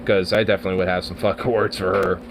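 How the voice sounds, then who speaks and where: Guy rambling and cursing on stream, excitable, faint hiss in the background. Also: low voice, very fast. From Oregon, US. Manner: profane, excitable, trailing off with fillers. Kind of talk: casual rambling chat.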